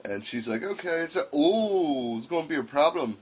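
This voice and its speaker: Animated man telling a story. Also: a little high, normal speed, slightly rough. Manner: animated storytelling with profanity and acted-out quotes. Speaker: podcast co-host telling a story. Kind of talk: casual chat.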